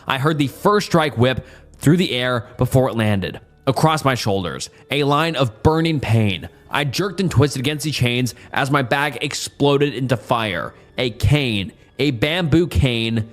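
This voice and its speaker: A man reading a first-person horror story aloud at a steady, quick pace. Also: mid-range voice. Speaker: story narrator.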